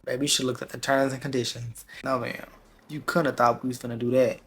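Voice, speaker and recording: A man vlogger telling a personal story in a candid, slangy, animated way. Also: medium pitch, quick pace, a little hiss or hum. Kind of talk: casual storytime vlog.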